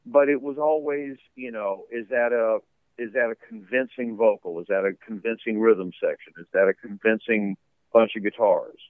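A man guesting as a musician in an interview talks casually from his home basement studio, rambling with many fillers and laughs. His lowish voice is steady at a moderate pace. The audio is narrow and tinny, with no echo.

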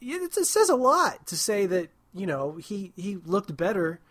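A man co-hosting a casual music chat, sardonic and quick with a mocking line. His slightly high voice swings up and down a lot, with a faint hiss of noise behind it. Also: sing-song, a bit bright. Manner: sardonic, mocking, swears freely. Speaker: podcast co-host.

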